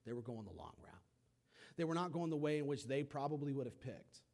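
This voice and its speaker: A young man preaching a sermon, retelling a Bible story with lively voices for its figures. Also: medium pitch, fairly quick, vocal fry. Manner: animated storytelling, acting out voices of biblical figures. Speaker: pastor.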